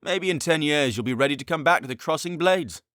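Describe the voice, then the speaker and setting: A man's voice: fairly high pitch, lively intonation, fairly quick, fairly bright tone, no echo, studio quality, pitched above the performer's own voice. A man doing a mocking young friend. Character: teasing young male friend, joking.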